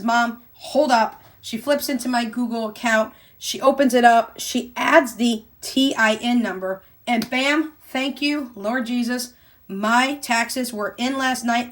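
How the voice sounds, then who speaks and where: An older woman from Missouri talking casually to her viewers about her monthly budget, chatty and addressing them as "y'all", getting excited as she retells things. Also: fairly high pitch. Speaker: budgeting vlogger.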